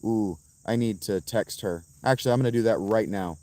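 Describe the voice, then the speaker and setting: A man livestreaming outdoors and answering his chat in a profane, combative, quick-tempered way. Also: fairly low pitch, darkish tone, dry recording. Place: outdoors by a fountain.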